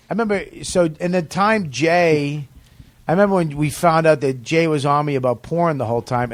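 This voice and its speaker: A man, a comedian guest, telling profane, animated stories in a casual podcast chat. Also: mid-range voice, no room sound.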